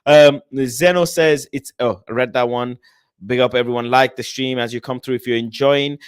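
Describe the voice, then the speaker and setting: A young man hosting a casual football live stream, talking passionately and swinging between loud rants and low, muttered asides while reading viewer messages. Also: fairly even intonation, normal speed, clean tone. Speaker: football livestream host.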